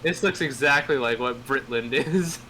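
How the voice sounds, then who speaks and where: A man's voice: mid-range voice, moderate pace, bright, forceful tone, a little hiss or hum, rough recording. A British man chatting casually while streaming a game, laughing often and joking with friends. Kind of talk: casual gaming chat. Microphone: headset or desk mic.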